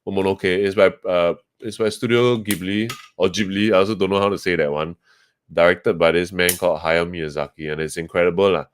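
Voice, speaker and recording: A man's voice: sits low, steady tone, a little fast, a little hiss or hum. A man with a Singaporean English accent, a guest on a podcast, talking casually and rambling with many fillers and restarts. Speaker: podcast guest, webcomic co-founder. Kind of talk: casual interview talk.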